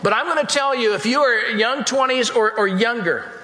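High, bright-voiced male pastor preaching. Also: normal speed. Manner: emphatic, repeats phrases, addresses the congregation directly. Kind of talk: sermon. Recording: echoey hall with long reverb.

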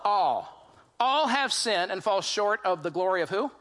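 A man's voice: high voice, expressive, unhurried, a bit bright. A man preaching a sermon to a congregation, telling stories animatedly and putting questions to his listeners. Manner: acts out quoted voices in his retelling. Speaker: pastor.

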